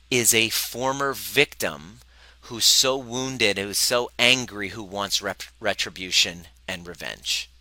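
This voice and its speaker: A man with a low voice and a sharp, tense edge, teaching a live workshop. He is animated and swears freely, acting out the voices of the people he quotes. The sound is dry, with no room echo. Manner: speaks directly to the audience. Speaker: relationship coach.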